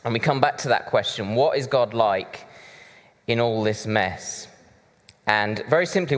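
A man preaching a sermon, conversational and chatty with side remarks. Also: lowish voice. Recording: reverberant hall.

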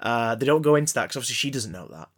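A man co-hosting a casual film podcast, rambling with stammered restarts and deadpan jokes. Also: mid-range voice, very fast. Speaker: podcast co-host. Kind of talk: casual banter about films.

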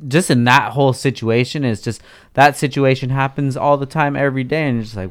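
A man's voice: medium pitch, steady tone, fairly quick, clean tone. A man co-hosting a podcast, chatting in a laid-back, profane way and often answering with short agreeing replies. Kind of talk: casual chat.

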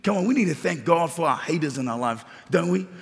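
Male pastor preaching, raspy high voice, repeats lines for emphasis, big reverberant church. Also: expressive, quick pace. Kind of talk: sermon. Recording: long reverb of a large hall.

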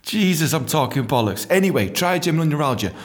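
Animated sweary British man ranting. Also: a little high. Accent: British English. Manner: animated ranting, sweary, mimics people in quick voices. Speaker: podcast host, dentist. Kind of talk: profane comedic monologue.

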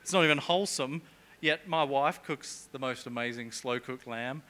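A man's voice: medium pitch, moderate pace, bright, forceful tone. A middle-aged man preaching a sermon in a church, chatty and jokey, with humorous asides.

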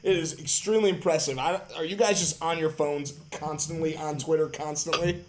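A man's voice: fairly high pitch, fairly even intonation, brisk. A man hosting a podcast, loose and casual, swearing freely. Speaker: podcast host. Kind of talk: casual interview chat.

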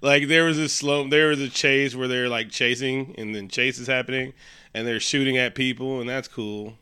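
A man co-hosting a casual movie review chat, retelling scenes in animated quoted voices. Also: medium pitch, normal speed, clear, resonant tone. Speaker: podcast co-host.

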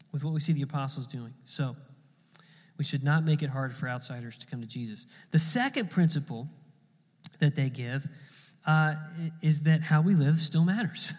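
A man's voice: on the high side, normal speed, in a large hall. A man preaching a sermon in a conversational way, often repeating words as he goes. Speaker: pastor.

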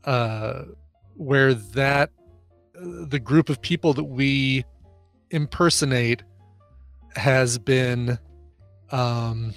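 A man co-hosting a podcast in casual banter, chatty and quick to agree and laugh. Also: medium pitch, vocal fry, fairly bright tone, faint music behind. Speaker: podcast co-host.

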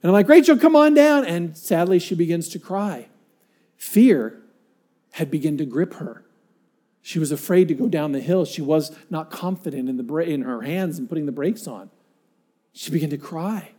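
High, mellow-voiced male preacher. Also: moderate pace, slightly rough. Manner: dynamic, swinging from hushed to emphatic; earnest storytelling with acted-out quotes. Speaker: pastor. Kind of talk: sermon.

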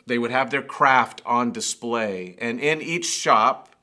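Bright-voiced male preacher, storytelling. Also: medium pitch, slow pace. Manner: storytelling preacher who builds to emphatic raised passages. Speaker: pastor. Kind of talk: sermon.

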